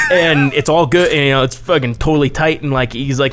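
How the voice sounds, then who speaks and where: A man's voice: medium pitch, brisk, slight background noise. A man co-hosting a podcast, telling stories in casual crude banter, swearing and laughing often. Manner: animated storyteller, swears freely, laughs often. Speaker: podcast co-host.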